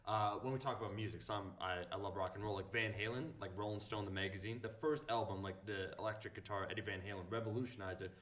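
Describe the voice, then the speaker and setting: A man co-hosting a casual podcast who tells stories in a quick, chatty way. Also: on the low side, steady tone, fairly bright tone, recorded from a distance. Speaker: podcast co-host. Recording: roomy sound, off-mic.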